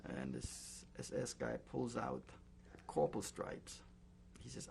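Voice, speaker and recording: An older man recounting his memories in an oral history interview, speaking in a halting way with many pauses and fillers. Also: medium pitch, huge pitch swings, gravelly, darkish tone, slight background noise. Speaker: Holocaust survivor giving testimony.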